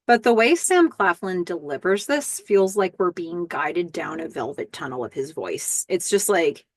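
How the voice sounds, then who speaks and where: A chatty woman hosts a casual recap podcast with a slightly low voice. She walks through each scene step by step, dropping in little fillers as she goes. The sound is dry and close, with no room around it. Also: dry recording. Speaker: podcast host.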